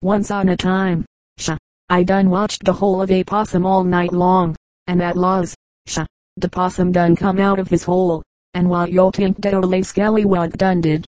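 A woman's voice: fairly low pitch, flat delivery, moderate pace, a little mellow, dry recording, lightly acted, rough recording. A woman voicing an old rural man in heavy dialect, telling a melancholy tale in a joke-book reading. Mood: mournful.

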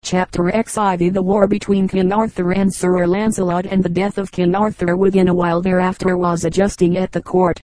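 A woman narrating an audiobook of an old legend, measured and even. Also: fairly low pitch, no room sound, low-quality recording. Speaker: audiobook reader. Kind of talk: scripted narration.

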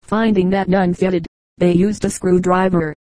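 A woman reading an audiobook in steady, measured scripted narration. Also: on the low side, dry recording, low-quality recording. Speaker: audiobook reader.

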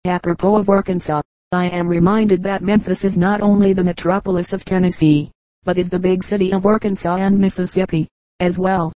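A woman reading a travel memoir aloud in a steady, measured audiobook style. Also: fairly low pitch, dry recording, rough recording. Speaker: audiobook narrator.

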